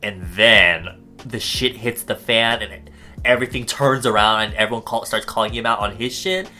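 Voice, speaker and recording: A man's voice: lowish voice, normal speed, pushed and bright, soft background music. A young American man answering viewer questions in a casual vlog. He swears a lot and rambles off on tangents. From United States.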